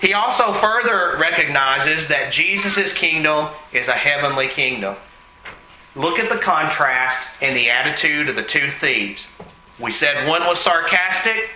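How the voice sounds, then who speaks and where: Bright-voiced male preacher in an echoey room. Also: on the high side, a little hiss or hum. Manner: earnest, slows for emphasis. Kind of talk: sermon.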